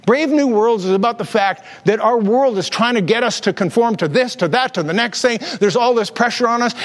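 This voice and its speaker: A high-voiced man preaching in a church, with a long hall reverb trailing his words. He is a pastor in his fifties telling personal stories with animated energy, putting on voices when he quotes people. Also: brisk, few pauses. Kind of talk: sermon with storytelling.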